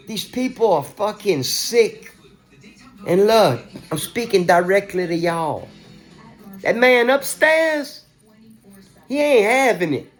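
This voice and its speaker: Worked-up guy venting to camera, cursing, keeps circling back, bit of music in the background. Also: high-pitched. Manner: agitated, profane, repetitive. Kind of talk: ranting monologue to camera.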